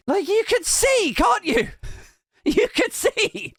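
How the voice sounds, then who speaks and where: A man's voice: very high voice, big pitch swings, takes it slowly, fairly bright tone, no room sound, clean studio sound. A man hosting a comedy podcast, ranting satirically in a mocking tone, swearing, often breaking into laughter. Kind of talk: satirical rant.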